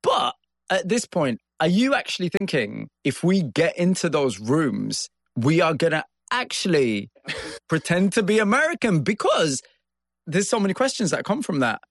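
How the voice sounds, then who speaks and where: A man's voice: on the high side, very animated, normal speed, no echo, studio quality. A man interviewing a guest, asking curious questions and thinking aloud about the answers. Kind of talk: interview conversation.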